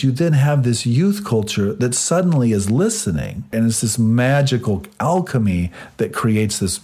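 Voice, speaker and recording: A man's voice: medium pitch, dark tone, husky. A man answering in an interview, explaining at length in a thoughtful, storytelling way. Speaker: interview guest.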